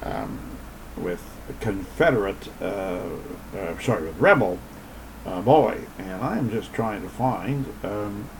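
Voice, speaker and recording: Radio host, male, halting delivery full of ums and uhs, faint background noise. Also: deep voice, big pitch swings, vocal fry, poor audio. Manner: halting, many filler words. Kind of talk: casual radio talk.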